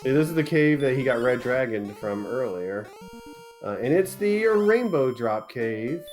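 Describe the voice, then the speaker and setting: A man's voice: mid-range voice, animated, measured pace, a little mellow, faint music behind. A man doing color commentary at a video game tournament, joking and laid-back.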